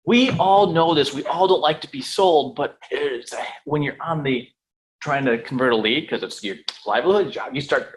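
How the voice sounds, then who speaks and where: Man coaching a sales class, animated pitch, somewhat high voice, faint noise behind. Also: normal speed, rough recording. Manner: lively, repeats "right?" and "okay?", acts out calls. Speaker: real estate sales trainer. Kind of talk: live sales training talk.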